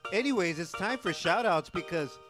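A joking, laid-back male podcast co-host with a slightly high voice. He chats casually over faint background music and keeps ending his lines with "eh". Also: animated, normal speed.

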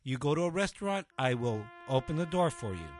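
A middle-aged man co-hosting a radio talk show, animated and joking, swearing freely in casual banter. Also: a little high, a little fast, slight background noise. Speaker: co-host.

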